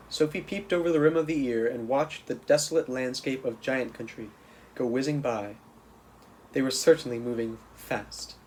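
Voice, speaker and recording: A man reading a children's storybook aloud in a steady, plain way, with small restarts. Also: mid-range voice, low-quality recording. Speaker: camp counselor reading aloud.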